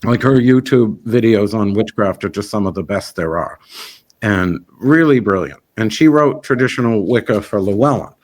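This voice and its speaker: A man's voice: fairly low pitch, expressive, normal speed. A man who organizes a festival, chatting in an interview in a rambling, frank and opinionated way. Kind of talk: casual interview chat.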